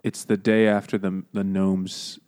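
Laughing, swearing low-voiced man. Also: flat delivery, measured pace, a little mellow. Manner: laughing often, swearing, jumping into silly voices. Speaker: podcast co-host. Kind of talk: casual chat recapping a book.

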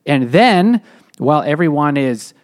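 A man's voice: on the high side, big pitch swings, a little slow. A man co-hosting a book podcast, explaining the mystery's solution step by step in casual talk. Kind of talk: casual book-club banter.

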